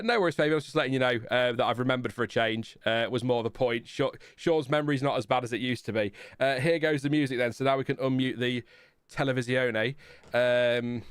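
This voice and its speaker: Man from the UK, live stream host, casual joking chat, smooth clear voice, dry close sound. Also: medium pitch, no echo. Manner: chatty, joking, reads chat messages aloud. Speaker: livestream host.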